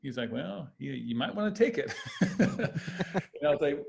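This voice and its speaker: Man telling rambling stories, slightly high voice. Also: animated, a little slow, vocal fry, darkish tone. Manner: rambling storyteller with frequent restarts and laughs. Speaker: guest, former basketball player. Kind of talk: casual storytelling interview.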